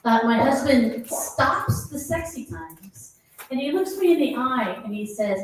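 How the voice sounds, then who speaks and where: Lively middle-aged woman doing stand-up. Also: a little slow. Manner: animated, mimics her husband in a lower voice. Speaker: stand-up comic. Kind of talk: stand-up comedy set. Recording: roomy echoing venue, mic heard from a distance.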